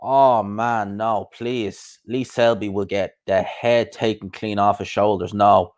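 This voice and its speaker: A man's voice: fairly low pitch, steady tone, takes it slowly. A young man hosting a boxing talk show, ranting bluntly and heatedly, swearing and repeating himself. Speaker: boxing podcast host. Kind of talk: casual ranting commentary.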